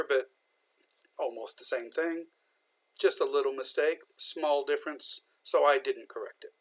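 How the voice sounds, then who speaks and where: A man from southern Indiana, patiently explaining an English idiom in a recorded lecture, with many pauses and fillers. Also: medium pitch, a bit bright. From southern Indiana, USA. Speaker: English teacher.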